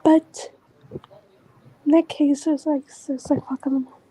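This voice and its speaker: A woman vlogger talking in a casual, rambling monologue that often drifts into soft whispers. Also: sits high, flat delivery, measured pace, slight background noise, poor audio.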